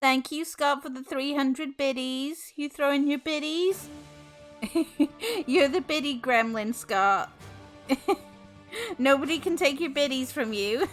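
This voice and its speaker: A woman's voice: sits high, lively intonation, takes it slowly, long pauses, bright, forceful tone, faint music behind. A young woman streaming live, casually chatting and effusively thanking her viewers, often exclaiming in shock.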